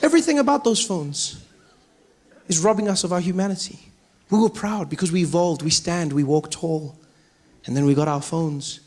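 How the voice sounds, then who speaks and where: A man, doing lively stand-up comedy on a stage before a live audience. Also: on the high side, moderate pace. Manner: animated storytelling with acted-out voices.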